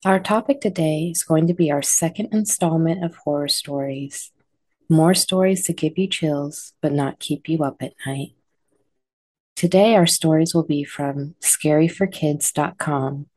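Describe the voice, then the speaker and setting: Slow, low-voiced woman sleep storyteller. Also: no room sound. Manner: calm, soft, guiding relaxation. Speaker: podcast host and sleep guide. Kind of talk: soothing sleep story narration.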